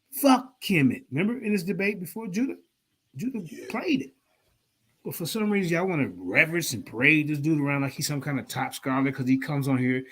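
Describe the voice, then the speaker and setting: High pitched guy cussing out a rival on stream, loud and confrontational. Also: lively intonation, husky. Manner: profane, confrontational, fast-talking. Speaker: show host. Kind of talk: heated livestream rant.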